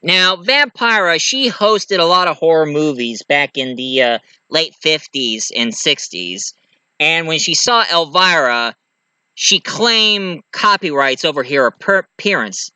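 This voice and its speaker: A man with a rather high, very bright and sharp voice rambles through a movie plot in a chatty review. He keeps a loose, casual grammar and leans on plenty of fillers. The sound is dry and close, with no room around it. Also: animated, unhurried, clean tone, dry recording.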